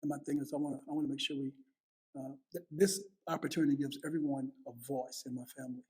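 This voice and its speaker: A man's voice: medium pitch, fairly even intonation, fast, a little mellow, husky. A man in his fifties hosting a heartfelt family conversation, earnest, often repeating words as he starts a thought. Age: 50s. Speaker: host.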